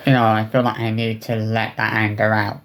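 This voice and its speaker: A man talking straight to his viewers in a personal vlog, upset and remorseful, with halting speech full of restarts and fillers. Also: on the low side, monotone, a bit bright. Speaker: vlogger.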